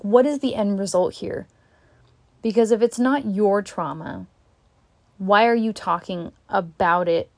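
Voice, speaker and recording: A woman speaks straight to camera in a frustrated, blunt venting monologue, swearing freely and breaking off into sighs and halting restarts. Her voice sits at an ordinary middle pitch. The sound is close and dry, with no room around it. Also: a little mellow, no echo. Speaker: vlogger.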